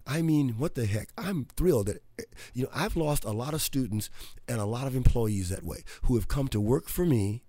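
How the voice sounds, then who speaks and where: A man's voice: medium pitch, animated, normal speed, warm tone, no room sound. A man hosting a motivational radio show, talking in a folksy, upbeat way and joking with listeners from a studio. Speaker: radio host.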